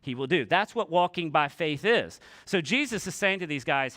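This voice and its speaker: A man's voice: fairly high pitch, expressive, moderate pace, few pauses, fairly bright tone. A male pastor preaching a casual, conversational sermon in church, often acting out the voices of people in the story.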